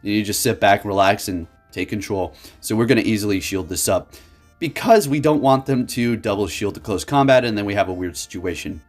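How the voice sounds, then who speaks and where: A man giving casual, excitable gameplay commentary for his channel, laughing often and talking to viewers as folks. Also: lowish voice, brisk, faint music behind. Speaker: gaming YouTuber.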